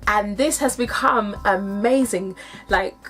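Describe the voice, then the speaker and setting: A woman's voice: mid-range voice, takes it slowly, a bit bright, soft background music. A woman from the UK talking straight to her viewers in a vlog, emphatic and emotional, repeating herself for effect. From United Kingdom. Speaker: vlogger. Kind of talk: direct-to-camera vlog.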